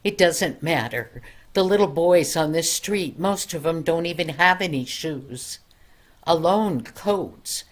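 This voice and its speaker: A grandmother voicing a stern, tall policeman in a storybook tale, giving sharp, commanding orders. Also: fairly low pitch, slow.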